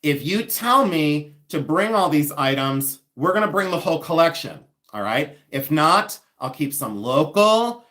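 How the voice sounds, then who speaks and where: Guy doing a jewelry livestream, kinda high voice, jokey and rambling, laughs at himself a lot. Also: very animated, unhurried, few pauses, a bit bright. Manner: chatty, self-mocking, laughs often. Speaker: livestream host selling vintage jewelry. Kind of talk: casual live-stream chat.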